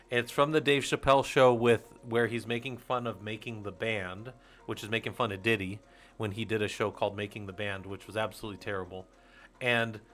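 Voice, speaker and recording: A man in his forties hosts a casual livestream for a Linux user group, rambling to viewers, laughing often, and swearing casually. His voice sits in the mid range with a fairly bright tone.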